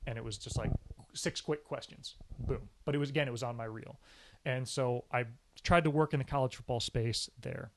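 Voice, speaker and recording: A man, a sports anchor, telling career stories in a casual interview, energetic and emphatic, often acting out what people said. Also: medium pitch, fairly quick, vocal fry. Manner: animated storyteller, often acts out quoted speech. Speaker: sports anchor and reporter, podcast guest.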